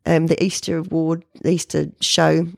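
Middle-aged NZ woman, low fry-edged voice, chatty animated storyteller, dry close mic. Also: moderate pace, no echo. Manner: animated, jumps high when quoting people. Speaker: painter being interviewed. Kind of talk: casual storytelling interview.

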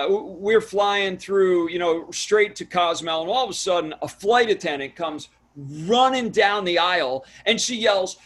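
A man, a pastor and author speaking as an interview guest in an emphatic, sermon-like storytelling manner. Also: on the high side. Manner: emphatic, storytelling, builds to shouts when retelling. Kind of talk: conversational interview, preaching tone.

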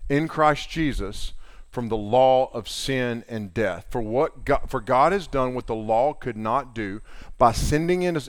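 A man's voice: medium pitch, no room sound, clean studio sound. A middle-aged man preaching a sermon in a casual, earnest way, retelling scripture in everyday talk. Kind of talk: conversational sermon.

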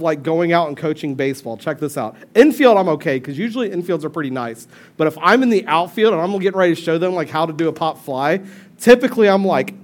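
Man, pastor, high voice, casual joking sermon, storyteller.

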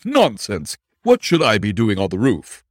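A man's voice: lowish voice, sing-song, moderate pace, dry recording, studio quality. A man voicing a nervous male suspect who protests his innocence in a raised, exclamatory way. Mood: indignant.

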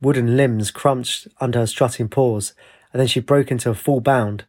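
Guy reading a fantasy story out loud, steady expressive telling, middle pitch. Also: moderate pace. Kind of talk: storybook narration.

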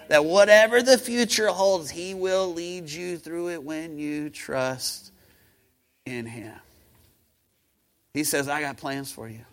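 A man's voice: fairly high pitch, fairly bright tone. A man preaching a sermon as pastor, speaking with rising emphasis and calling on the congregation to respond. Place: church.

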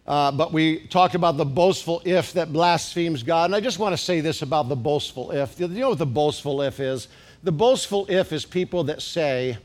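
Pastor, male, slightly high voice, a sermon that swings between rapid asides and slow, loud emphatic lines. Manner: builds to loud, drawn-out emphatic preaching; quick asides with restarts and fillers. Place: church sanctuary with congregation.

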